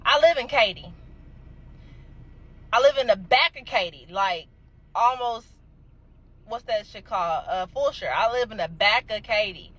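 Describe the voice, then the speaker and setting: A young adult woman telling a casual storytime, animated and emphatic, swearing freely. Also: mid-range voice, a little slow, pauses often, dull audio.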